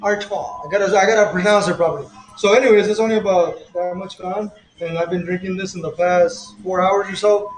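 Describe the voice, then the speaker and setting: A man's voice: sits high, steady tone, brisk, hardly any pauses, roomy sound, slight background noise, low-quality recording. A man hosting a casual livestream, chatting in a rambling, self-correcting way while drinking a beer. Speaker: livestream host.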